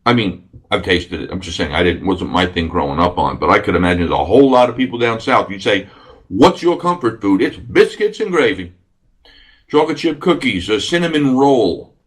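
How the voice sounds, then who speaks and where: A man's voice: low-pitched, lively intonation, fairly quick. A man hosting a radio podcast, chatting casually and enthusiastically, rambling with many fillers. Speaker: radio host. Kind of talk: casual solo podcast talk.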